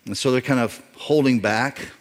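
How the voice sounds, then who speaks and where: A man's voice: mid-range voice, normal speed. Middle-aged male pastor, mid-range voice, emphatic sermon delivery with echoing hall reverb. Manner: emphatic, repeats key phrases, swings from loud to quiet.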